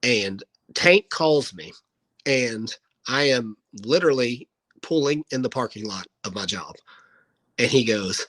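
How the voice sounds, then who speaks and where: A man's voice: mid-range voice, a little slow, rough recording. A man in his thirties, a guest wrestler, telling stories in a casual interview and acting out what people said. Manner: animated anecdote-telling, acting out quoted dialogue.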